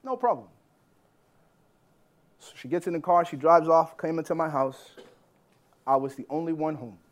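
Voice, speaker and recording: A man preaching a sermon as a personal story, animated, swinging between loud bursts and hushed lines. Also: on the high side, normal speed. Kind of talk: sermon testimony.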